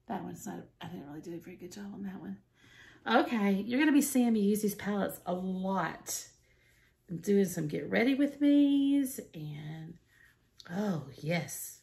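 Woman, slow gravelly talk, gasping, gushing, whispery asides. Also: mid-range voice, animated, a little mellow. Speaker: makeup vlogger. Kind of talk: excited unboxing chat.

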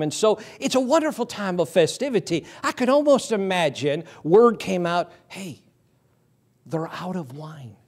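A man in his fifties preaches from a church pulpit in a slightly high voice. He tells his stories folksily and slips into little voices when he quotes people. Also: darkish tone. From Michigan. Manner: folksy anecdotal storytelling, acts out voices in quotes. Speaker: pastor. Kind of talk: sermon with storytelling. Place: church sanctuary.

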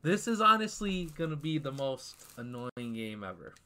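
A young man talks through his football video game match in a bright, sharp voice. He grumbles and trash-talks about his opponent's plays, then bursts into sudden loud shouts of frustration. He sits close to a desk mic, with a keyboard within reach. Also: medium pitch, very animated, normal speed, smooth. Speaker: gaming YouTuber. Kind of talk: live gameplay commentary.

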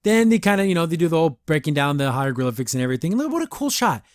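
A young man hosts a casual review podcast, talking in an excitable, rambling way as he recaps an episode. His voice sits a little high for a man. The sound is dry and close, with no room around it. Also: racing, no room sound. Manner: excitable, rambling fan talk. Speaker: podcast host.

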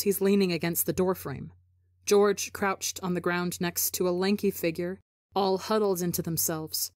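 A woman narrates a fan-written story for her podcast with expressive delivery. Her voice sits on the low side and sounds dry and close, with no room echo. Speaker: podcast reader. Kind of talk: reading fan fiction aloud.

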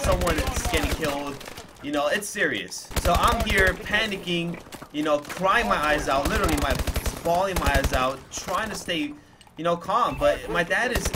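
Young male vlogger, slightly high voice, emotional storytime delivery, loose and profane, game gunfire audible underneath. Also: heavy background noise. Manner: casual, emotional retelling with swearing and repeated fillers. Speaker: gaming YouTuber.

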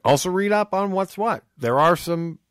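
A man's voice: high voice, animated, moderate pace, fairly bright tone, no echo, studio quality. A man co-hosting a podcast, chatting casually in a profane, joking way. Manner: profane, joking, does silly voices. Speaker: podcast co-host. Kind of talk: casual chat.

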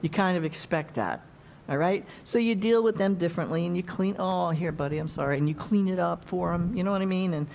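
A woman's voice: lowish voice, fairly quick, vocal fry, darkish tone, slight background noise. A woman preaching a sermon in a conversational way, often checking in with the congregation by asking questions.

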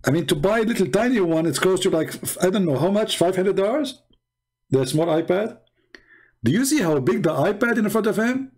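A man giving sarcastic reaction commentary on videos, mocking and chuckling, in broken English, his voice going hoarse. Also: high voice, expressive, fairly quick, a little mellow. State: losing his voice.

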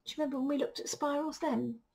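A woman teacher reading a picture book aloud to children, gentle and slow, sometimes dropping to a soft whisper. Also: sits high, steady tone, creaky.

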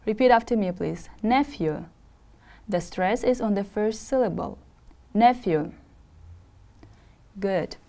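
A woman teaching an English vocabulary lesson to schoolchildren, from Kyrgyzstan, speaking slowly and clearly and having pupils repeat words after her. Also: mid-range voice, mellow.

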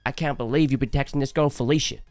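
A man's voice: mid-range voice, steady tone, fast, a little mellow, dry recording, faint music behind, natural voice. A man mimicking a self-absorbed young woman in a mocking, exaggerated way.

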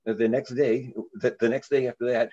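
An older man, a reverend, telling a story in an interview in an earnest way, with frequent halting restarts. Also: medium pitch, level tone, warm tone, dull audio.

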